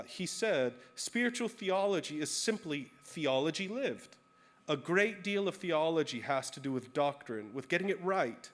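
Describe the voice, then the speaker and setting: A male pastor preaching a sermon, telling a personal story in a candid, self-deprecating way. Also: a little high.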